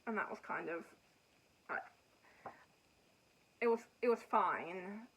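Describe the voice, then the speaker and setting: A woman's voice: mid-range voice, slow, a bit bright, husky, low-quality recording. A woman hosting a knitting podcast, chatting casually and frankly about books and shows she has finished. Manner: rambling, chatty, frank opinions. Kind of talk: casual chat reviewing books and TV.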